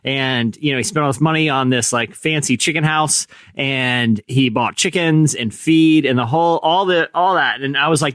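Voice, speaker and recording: A man's voice: medium pitch, normal speed, hardly any pauses, fairly bright tone, dry recording. Joking male podcast host, dry sound. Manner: joking, playful storyteller. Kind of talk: casual chat.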